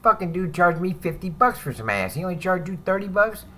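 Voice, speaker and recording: A man's voice: sits high, very animated, fairly quick, sharp tone, a little hiss or hum, pitched above the performer's own voice, exaggerated voice. A man voicing a crude, brash male inmate who is complaining. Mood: indignant.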